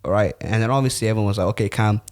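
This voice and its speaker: A man's voice: fairly low pitch, animated, racing, a little mellow. A man co-hosting a podcast in loose, rambling, slangy casual chat. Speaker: podcast co-host.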